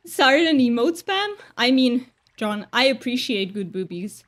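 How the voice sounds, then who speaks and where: A woman's voice: a little high, big pitch swings, a little slow. A woman streamer chatting casually with her viewers while gaming, bubbly and laughing often. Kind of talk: casual live-stream chat.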